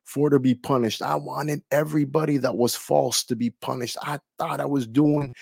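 A man's voice: medium pitch, fairly even intonation, moderate pace, creaky, darkish tone, husky, no echo, studio quality. An older man, a pastor, preaching a sermon with stammered repeats and retelling scripture in the first person.

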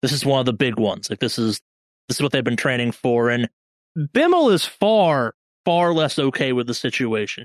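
Brief: male GM, mid-pitched, easygoing narration, dry. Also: no room sound. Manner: casual, hedging with "kind of" and "like". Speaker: game master. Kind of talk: narrating a tabletop game.

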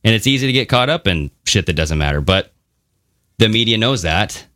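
Speaking a little fast, this man has a low-leaning voice with lively intonation and a bright, forceful tone, recorded dry at studio quality. As a podcast co-host in casual conversation, he's animated, swears now and then, and mocks people with funny voices.

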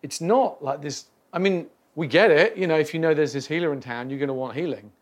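Reflective man, slightly high voice. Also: brisk. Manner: conversational, reflective, with many restarts and fillers. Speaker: Bible teacher. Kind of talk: casual Bible study talk.

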